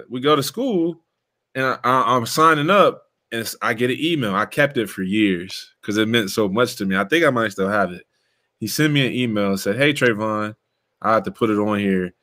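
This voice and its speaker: A young man hosting a casual chat, telling a story in an animated, slangy way and calling his listener bro. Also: medium pitch, normal speed. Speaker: podcast host, former player.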